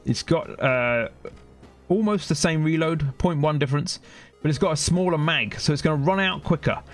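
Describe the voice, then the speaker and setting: Male streamer, dry sarcastic running commentary, slightly high voice, faint game music under. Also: moderate pace. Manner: sarcastic, chatty, thinks aloud. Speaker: gaming streamer. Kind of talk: casual gameplay commentary.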